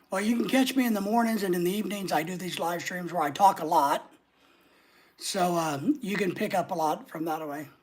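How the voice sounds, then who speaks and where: A man's voice: sits high, darkish tone, husky. A man with a neutral American accent hosts a casual livestream, rambling as he reads viewer comments aloud and answers them. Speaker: livestream host.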